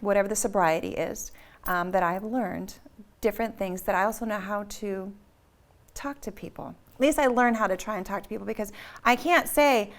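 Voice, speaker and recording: A woman's voice: medium pitch, a little fast. A woman hosting an interview podcast, asking long, rambling questions and reflecting on them. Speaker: podcast host. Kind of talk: casual interview talk.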